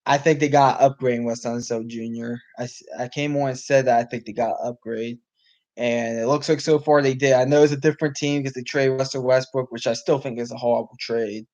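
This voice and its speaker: A man's voice: medium pitch, steady tone, brisk, darkish tone. Guy doing a loose sports podcast, rambly, voice kinda shot, dull lo-fi mic. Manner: rambling, restarts, many ums, reacts to live game. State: losing his voice. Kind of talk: casual live sports talk.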